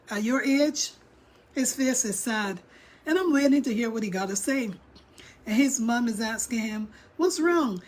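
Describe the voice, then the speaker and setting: A woman vlogger chatting casually to her viewers and reading out their chat as she reacts to a video. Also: on the high side. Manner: chatty, talks straight to viewers and reads chat. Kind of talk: casual livestream commentary.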